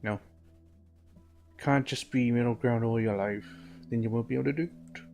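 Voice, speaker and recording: A man's voice: mid-range voice, fairly even intonation, moderate pace, gravelly, a little mellow, faint music behind. Joking man reading game documents. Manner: joking, laughing, reads aloud with stumbles. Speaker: let's play host. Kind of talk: casual gameplay commentary, reading in-game documents.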